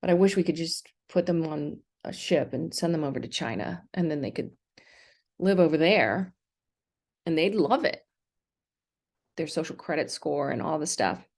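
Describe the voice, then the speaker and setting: A woman's voice: low-pitched, expressive, normal speed, pauses often, darkish tone. A middle-aged American woman delivering a rambling, indignant vlog rant, full of ums and restarts. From United States. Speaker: vlogger. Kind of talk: ranting livestream monologue.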